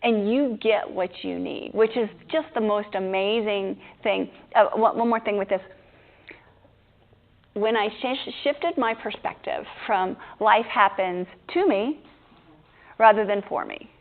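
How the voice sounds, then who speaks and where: A woman yoga teacher chatting in a group discussion, lively and laughing, acting out her own inner voice. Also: medium pitch, measured pace, creaky. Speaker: yoga teacher hosting a teacher training. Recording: tinny phone-like sound.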